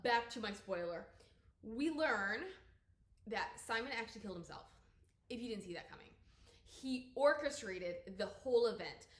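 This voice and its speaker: A woman's voice: a little high, normal speed, echoey room. Chatty woman with a light Southern accent. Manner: chatty and opinionated, with lively emphatic rises. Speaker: book reviewer. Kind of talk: casual spoken book review.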